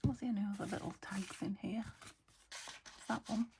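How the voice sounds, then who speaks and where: Gravelly woman chatting while crafting. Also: mid-range voice, normal speed, background noise. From United Kingdom. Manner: chatty, thinking aloud, often drops to a whisper. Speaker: junk journal crafter. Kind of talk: casual crafting chat.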